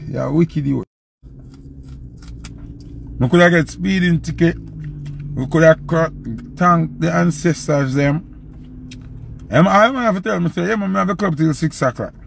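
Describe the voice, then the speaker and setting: A young man with a Jamaican accent, a selector telling a loose, animated story in patois and acting out the quotes. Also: a little high, gravelly, slight background noise. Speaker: dancehall selector. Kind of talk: casual storytelling.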